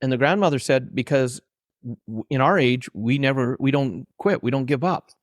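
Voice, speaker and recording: This Canadian podcast guest, an author and trainer, recounts personal anecdotes with heartfelt warmth, acting out what others said and quoting his own dialogue. He speaks at a moderate pace in a mid-range voice, captured dry and in studio quality.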